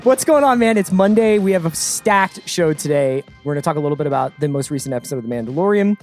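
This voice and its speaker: A man's voice: a little high, lively intonation, a little mellow, faint music behind. A man hosting a podcast, introducing the show and chatting in an upbeat, jokey way. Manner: upbeat, jokey, quick to riff. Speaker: podcast host. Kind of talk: casual podcast chat.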